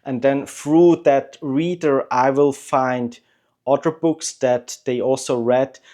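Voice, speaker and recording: Man, book channel host, casual talk to camera, chatty, hesitant, mid pitch. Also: slow pace. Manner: relaxed, chatty and opinionated, with many hesitations.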